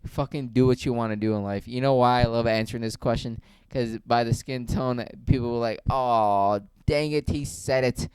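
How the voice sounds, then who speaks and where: A man's voice: medium pitch, steady tone, fairly quick, hardly any pauses, darkish tone, smooth, no echo. Blunt, heated man ranting. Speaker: video creator. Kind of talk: profane opinion rant.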